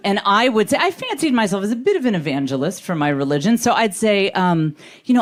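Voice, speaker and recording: A middle-aged woman performing a stand-up comedy set, telling self-deprecating stories with animated delivery. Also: medium pitch, quick pace, few pauses.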